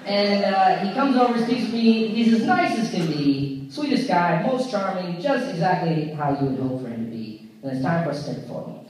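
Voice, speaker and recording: A male stand-up comedian on stage in a large theater, telling a story in an animated way with stammered restarts. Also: high-pitched, moderate pace, few pauses. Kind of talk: stand-up routine. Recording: echoey theater from far off, crowd noise.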